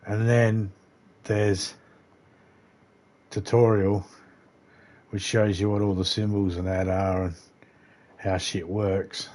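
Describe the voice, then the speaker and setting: His voice sits on the low side and is a little mellow, delivered flatly at a slow pace with frequent pauses. He's an Australian gaming livestreamer giving laid-back, rambling gameplay commentary, swearing every so often.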